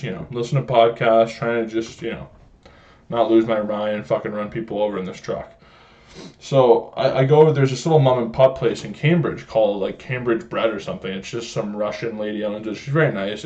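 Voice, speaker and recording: A young man hosts his own podcast, ranting casually with constant swearing and bursts of laughter. His voice sits at an ordinary middle pitch. The audio is a little dull and lo-fi. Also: a little mellow. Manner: profane, joking storyteller, laughs often. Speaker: podcast host. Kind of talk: casual solo podcast rant.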